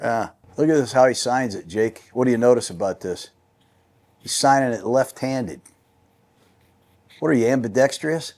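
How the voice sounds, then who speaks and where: A man's voice: medium pitch, normal speed, pauses often, a little mellow. A man hosting a casual sports interview, talking bluntly and jokingly with plenty of swearing. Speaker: host.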